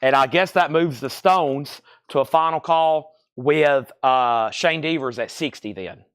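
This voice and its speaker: A man hosting a live record sale stream, briskly calling out titles, prices and buyers. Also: a little high, clean tone, no echo, studio quality.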